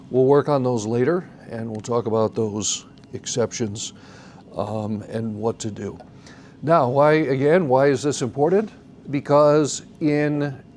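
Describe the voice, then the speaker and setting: A man's voice: medium pitch, warm tone. A man teaching a song leading class, patiently explaining beats and emphasis step by step and asking the class questions. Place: church classroom. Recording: faint background noise.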